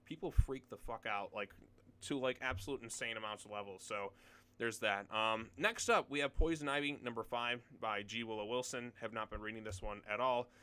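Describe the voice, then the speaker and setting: A man's voice: mid-range voice, moderate pace, bright, forceful tone, clean tone. A young man hosting his own video, casually reading comic solicitations aloud and rambling through blunt opinions with plenty of fillers.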